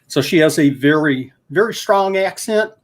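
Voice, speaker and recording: A guest isopod keeper with a fairly high-pitched voice talks at a normal speed, animated, on a livestream filmed with a handheld camera. He chats casually, rambling through his food list and a story with plenty of fillers.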